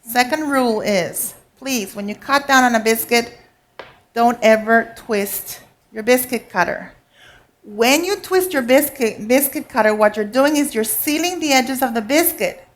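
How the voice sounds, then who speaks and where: A woman's voice: a little high, unhurried. A woman cooking instructor giving a live demonstration, chatty and instructive, often checking in with her audience. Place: teaching kitchen before a live audience.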